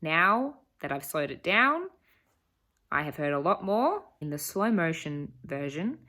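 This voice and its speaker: Young woman vlogger, slightly low voice, unhurried and earnest, for a voice-over. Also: big pitch swings, bright, forceful tone. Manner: earnest, emphatic retelling. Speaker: travel vlogger. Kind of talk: vlog voice-over storytelling.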